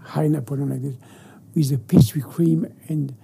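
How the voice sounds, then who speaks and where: An older man with a French accent, a chef being interviewed, talking with animated enthusiasm in broken English and often repeating his words. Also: on the high side, normal speed, creaky, slightly rough. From France. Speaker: guest chef. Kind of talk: casual interview.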